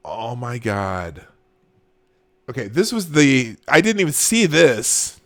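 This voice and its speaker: A man's voice: mid-range voice, fairly bright tone, no echo. A man hosting a casual live show, reacting to online posts with frequent exclamations and laughter. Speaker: host.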